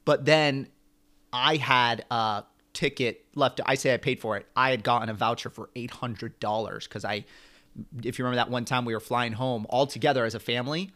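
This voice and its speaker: A young man co-hosting a podcast, telling a long story in an animated, rambling way. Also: medium pitch, normal speed. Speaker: podcast co-host. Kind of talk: casual chat.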